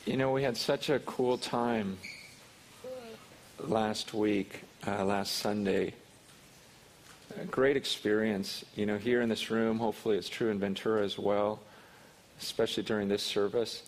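A man's voice: a little slow, long pauses, a little hiss or hum. Earnest man preaching and praying. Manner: earnest, repeats words, rises in pitch and force when excited. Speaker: pastor. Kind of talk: sermon with scripture reading and prayer. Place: church hall with a congregation.

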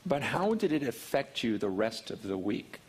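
A man preaching a sermon in a church, reading scripture slowly and then praying earnestly, often repeating words as he gets excited. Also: slight background noise. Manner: earnest, repeats words, rises in pitch and force when excited. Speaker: pastor. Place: church hall with a congregation.

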